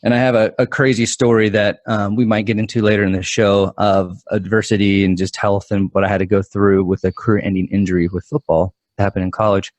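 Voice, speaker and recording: A man in his forties, a guest mental performance coach, telling stories in an animated, quick-talking way with frequent restarts. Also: fairly low pitch, no echo. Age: 40s. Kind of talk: conversational storytelling.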